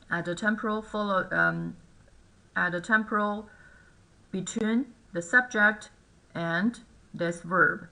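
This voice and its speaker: Slow, bright-voiced woman teaching grammar. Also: mid-range voice, rough recording. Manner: explains slowly, repeats example sentences, self-corrects. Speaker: Chinese teacher. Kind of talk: grammar lesson.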